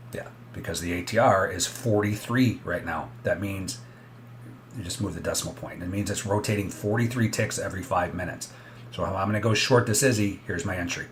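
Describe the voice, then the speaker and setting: A man's voice: deep voice, moderate pace, noisy background. A man giving casual, blunt commentary as he trades live and talks straight to his viewers.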